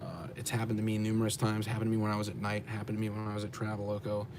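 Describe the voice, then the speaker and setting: Racing along in a low monotone, an American trucker livestreams a blunt, foul-mouthed rant responding to his chat. He repeats their questions for emphasis, and the background is noisy.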